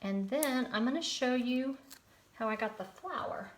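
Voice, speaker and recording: A woman's voice: sits high, unhurried, a little hiss or hum. A woman leading a live card-making tutorial, chatty and encouraging, greeting viewers by name.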